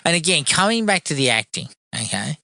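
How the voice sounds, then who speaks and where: A man co-hosting a podcast, talking about a film in a relaxed, agreeable way and swearing often. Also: fairly high pitch, a little fast, gravelly, no echo, studio quality. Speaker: podcast co-host. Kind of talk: casual film review chat.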